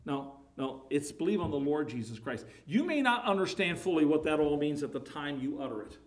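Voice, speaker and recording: A man's voice: a little high, big pitch swings, brisk. A man preaching a sermon, emphatic, his voice rising and falling in volume, often repeating words.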